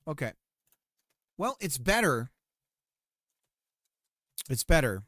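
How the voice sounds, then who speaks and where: A man talks his way through code on a live stream, repeating lines to himself and joking as he goes. His pitch rises and falls a lot. The sound is dry and close on a desk microphone. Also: very animated, takes it slowly, a bit bright, no echo. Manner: playful, muttering and repeating phrases to himself. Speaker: game developer streaming. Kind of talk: thinking aloud while coding on stream.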